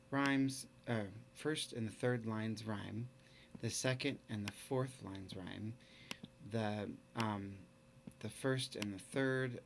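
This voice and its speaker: Casual, halting male teacher. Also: fairly low pitch, a little hiss or hum. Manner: halting, with many fillers; relaxed, casual. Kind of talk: recorded online lesson.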